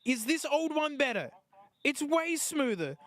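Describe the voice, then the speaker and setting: An Australian man unboxing and testing old-style phones in casual, excitable commentary, wry and laughing often. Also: very high voice, unhurried. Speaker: streamer reviewing phones.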